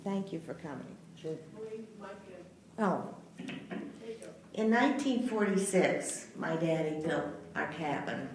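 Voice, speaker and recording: A woman's voice: low-pitched, slow pace, pauses often, slight background noise. An older woman giving tearful public comment at a hearing, her voice breaking with emotion. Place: public meeting room. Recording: very echoey hall, heard from far off.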